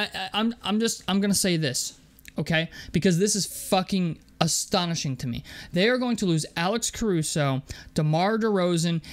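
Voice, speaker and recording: A man's voice: sits high, a bit bright. A young man delivering an angry, profane basketball rant, stumbling over and repeating his words as he vents. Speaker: sports commentator.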